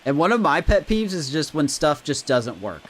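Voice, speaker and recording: Streaming a baseball game live, this man cheers, rants and chats with his viewers in an animated way. His voice is fairly high and his pace moderate.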